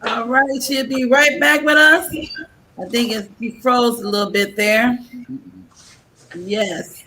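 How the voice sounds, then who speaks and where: A woman hosting a live stream show over a video call, effusive and excited as she welcomes each guest. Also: on the high side, slow pace, slight background noise, poor audio. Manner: excited, effusive, laughing and shouting greetings. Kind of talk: enthusiastic live stream introductions.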